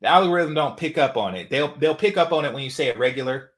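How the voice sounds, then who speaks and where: Animated, mocking man ranting. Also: on the high side, fast talker. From San Francisco Bay Area. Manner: animated, mocking, profane, repeats phrases. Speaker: commentary channel host. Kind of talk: casual monologue commentary.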